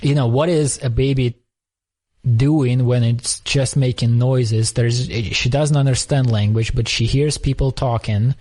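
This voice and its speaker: A man from the former Soviet Union hosting a conversational interview, telling stories quickly and thoughtfully with frequent restarts. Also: mid-range voice, steady tone, darkish tone. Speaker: podcast host.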